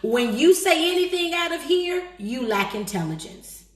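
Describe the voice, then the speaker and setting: A woman preaching a live-streamed motivational sermon. She is emphatic, swinging from shouted lines to slow, low, drawn-out stresses, and repeats key phrases for emphasis. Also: expressive. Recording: echoey room.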